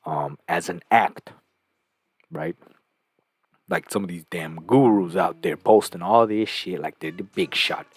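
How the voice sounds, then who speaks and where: A man's voice: deep voice, unhurried, pauses often, breathy edge. A man hosting a reaction video, talking in a rambling, profane way with frequent chuckles. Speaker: host reacting to a clip. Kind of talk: casual commentary.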